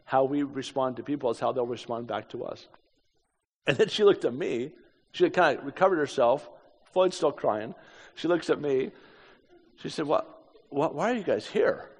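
In an echoing hall, an American preacher in his fifties recounts a story within his sermon, making light, self-mocking remarks along the way. He speaks at a medium pitch with a somewhat dark tone.

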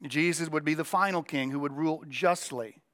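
A middle-aged male pastor preaching a sermon with a strained, cracking voice, emphatic and slowing down to stress key lines. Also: fairly high pitch, fairly bright tone. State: voice cracking, throat clearing.

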